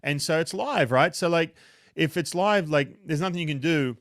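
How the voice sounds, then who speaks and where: A retired pitcher turned baseball analyst, an Australian man in his thirties, chats casually and self-deprecatingly in an interview from his home basement. His voice is on the high side and a bit bright, moving at a moderate pace. The sound is clean and studio-like, with no room sound.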